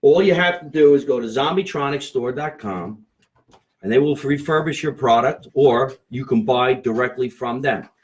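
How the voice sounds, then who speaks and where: A man's voice: mid-range voice, moderate pace. A man hosting a casual comedy talk show, joking and plugging sponsors, recorded into a phone. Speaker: comedy podcast host.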